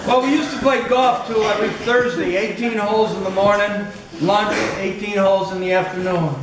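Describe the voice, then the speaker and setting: A man's voice: sits high, fairly even intonation, fairly quick, a crowd in the background. An older man giving a funeral eulogy as a former school colleague, telling fond stories. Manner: storytelling, fond, chuckling. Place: large hall at a funeral service. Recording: echoey hall, distant mic, noisy.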